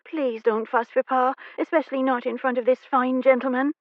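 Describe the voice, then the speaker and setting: A woman's voice: sits high, steady tone, normal speed, no room sound, narrow, tinny audio, voice pushed up, lightly acted. A woman narrator voicing a young woman who plays a fragile, swooning debutante in a coy, dramatic manner.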